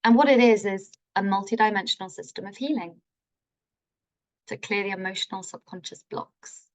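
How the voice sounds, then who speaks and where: A woman's voice: medium pitch, moderate pace. A woman leading a live online healing masterclass, enthusiastic and informal, with playful turns of phrase. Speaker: healing workshop teacher.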